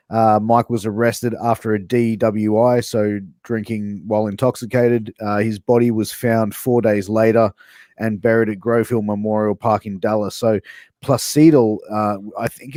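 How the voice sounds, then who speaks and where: Male podcast host, mellow dark tone, halting delivery, dry mic. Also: medium pitch, dry recording. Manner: halting, with many fillers. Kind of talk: casual podcast chat, reading facts.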